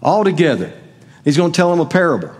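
A man's voice: a little high, sing-song, fast talker, a little mellow, husky. Middle-aged guy preaching, chatty, lots of questions to the room, big hall echo. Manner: conversational, asks the congregation questions. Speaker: pastor. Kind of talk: sermon. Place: church sanctuary. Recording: long hall reverb.

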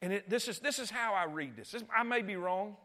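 A man preaching a sermon, emphatic and repetitive, swinging between loud cries and hushed tones. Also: high voice, lively intonation, a little fast. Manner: repeats phrases and restarts often.

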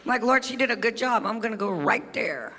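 A woman's voice: on the high side, lively intonation, fairly quick. Trinidadian woman preaching in a reverberant hall. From Trinidad and Tobago. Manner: swings from quiet confiding asides to shouted, rising testimony. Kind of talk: sermon. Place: large church hall on stage.

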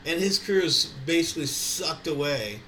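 Casual male co-host, bright tone, rambling sports and dog talk energy, echoey room recording. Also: a little high, moderate pace. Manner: rambling, profane, animated. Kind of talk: casual chat. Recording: echoey room, faint background noise.

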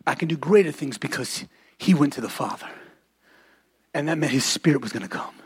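A man preaching a sermon as pastor, building to shouted lines and calling on the congregation to repeat after him. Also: on the high side, lively intonation, fairly quick, slightly rough. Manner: preaching, often rising to shouts, calls for congregation responses.

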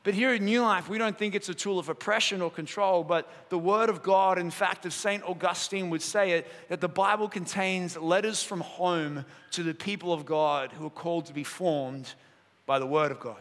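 Bright-voiced pastor preaching in a reverberant hall. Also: male voice, high-pitched, moderate pace. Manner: lively storytelling, jokes with the room. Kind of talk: sermon. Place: church auditorium. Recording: long hall reverb in a church auditorium.

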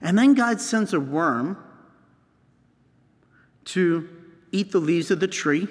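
A male priest preaching a homily, retelling a scripture story in an unhurried, drawn-out way and acting out the characters' outbursts. His voice sits a little high. It rings with the long echo of a large hall. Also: a bit bright.

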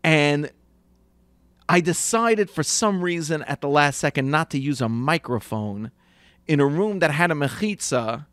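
A man's voice: a little high, expressive, unhurried, a bit bright, dry recording. A man co-hosting a casual chat, telling a story about himself in an earnest, self-deprecating way and laughing between lines. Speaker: podcast co-host.

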